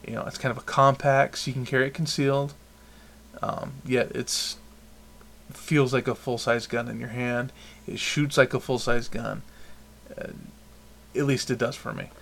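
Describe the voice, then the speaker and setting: A man's voice: medium pitch, steady tone, moderate pace, gravelly, fairly bright tone. A man hosting a podcast, chatting casually and rambling through opinions with frequent restarts. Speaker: podcast host. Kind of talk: casual chat.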